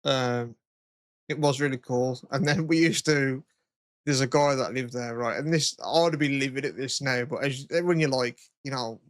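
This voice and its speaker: A man's voice: medium pitch, moderate pace, no echo, studio quality. A young man from England, co-hosting a podcast and telling rambling, sweary stories with frequent laughs. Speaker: podcast co-host. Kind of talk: casual chat.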